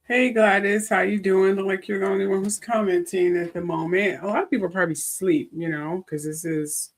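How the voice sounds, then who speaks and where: A woman's voice: mid-range voice, fairly even intonation, brisk, few pauses. A woman hosting a casual gossip livestream, rambling and chatting to viewers in the comments. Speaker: gossip show host.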